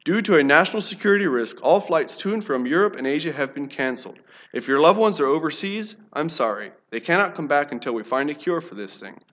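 A male national leader reads out a grave public announcement, measured and solemn. A man puts him on in his own fairly high voice, within a spoken sermon illustration. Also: expressive, a bit bright.

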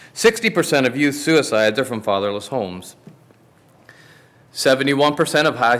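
A man's voice: mid-range voice, a bit bright. A man delivering a sermon from the pulpit, telling a story in a folksy way with frequent restarts. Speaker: preacher.

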